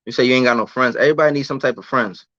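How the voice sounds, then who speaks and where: A man's voice: mid-range voice, rapid-fire, fairly bright tone, no echo, highs cut off. A man chatting casually on a livestream, loose and slangy, often restarting and repeating his words. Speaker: vlogger answering live chat.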